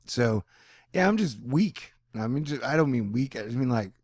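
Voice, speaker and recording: A man talking in a rambling personal monologue, animated and drifting between topics, now and then slipping into mock voices. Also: mid-range voice, normal speed, no room sound. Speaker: vlogger.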